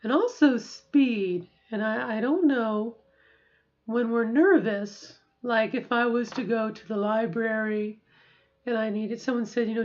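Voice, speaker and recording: A middle-aged woman talks to her camera in a slightly high voice, reflective and a little halting. She slows down on purpose to practice deliberate speech, sounding a bit sore. The recording is dull and lo-fi. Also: a little mellow. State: sore after a treatment. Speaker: vlogger. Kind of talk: casual talk to camera.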